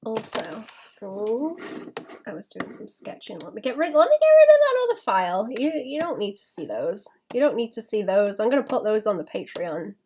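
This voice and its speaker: A woman's voice: medium pitch, huge pitch swings, normal speed, a little mellow, a little hiss or hum. A woman chatting casually while she draws on a live stream, thinking aloud with small laughs and restarts. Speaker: illustrator streaming her drawing.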